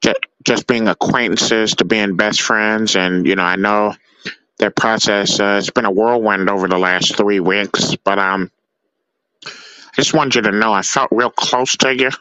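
A man playing an awkward, overly attached friend who leaves a halting voicemail full of ums and uhs, in a comedy sketch. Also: fairly low pitch, fairly even intonation, bright, forceful tone, clear, resonant tone, no echo, dull audio.

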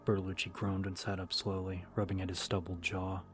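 A man narrating a horror story in a steady, even audiobook style. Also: low-pitched, brisk. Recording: music bed under the narration.

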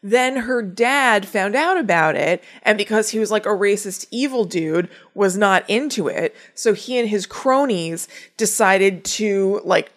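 Chatty woman recapping a movie. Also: medium pitch. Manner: chatty, summarizing plot with asides. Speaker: podcast co-host. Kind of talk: casual chat recapping a movie.

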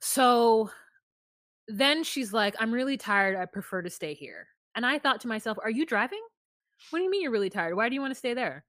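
A woman's voice: fairly high pitch, big pitch swings, fairly quick, fairly bright tone, no room sound, clean studio sound. A woman co-hosting a podcast, casually retelling reality show scenes and quoting the people in them. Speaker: podcast co-host. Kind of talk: casual recap chat.

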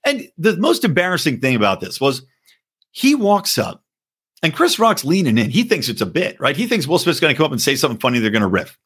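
Husky man ranting, lively and bright. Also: on the high side, a little fast. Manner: profane, mocking rant. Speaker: podcast host. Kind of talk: opinionated commentary.

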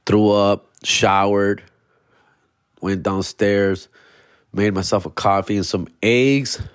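A young adult man, a comedian hosting his podcast, telling stories in a slangy, animated way and dropping words, a bit hungover. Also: lowish voice, slow, clean tone, no room sound, studio quality. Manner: slangy, animated, peppered with "fool" and "bro". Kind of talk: casual storytelling monologue.

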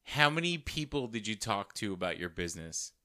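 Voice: mid-range voice, sing-song, a little fast, bright, forceful tone. A podcast co-host in casual chat who laughs often and agrees along.

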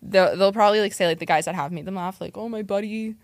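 A young woman guesting on a podcast, chatting casually in a relaxed, agreeable way with trailing, filler-heavy phrasing. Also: on the low side, fast, no echo. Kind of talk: casual chat.

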